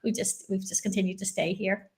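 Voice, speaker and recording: A woman from Northern Ireland with a Northern Irish accent, a business coach talking in a chatty, animated way as an interview guest. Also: mid-range voice, a little fast. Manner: chatty, animated, many fillers and restarts. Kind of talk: conversational interview.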